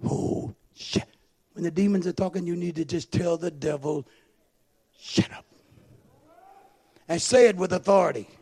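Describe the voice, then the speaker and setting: A man preaching a sermon, swinging between hushed asides and shouted, sing-song emphasis. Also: high voice, fast, vocal fry, hardly any pauses, breathy edge. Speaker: pastor.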